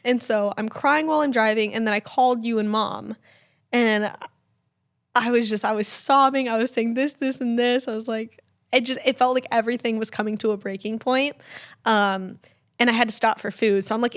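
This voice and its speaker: A young woman from Georgia co-hosting a casual family podcast, telling stories with frequent laughs. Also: on the high side. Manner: chatty storyteller, laughs often, quotes people in lively voices. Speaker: podcast co-host.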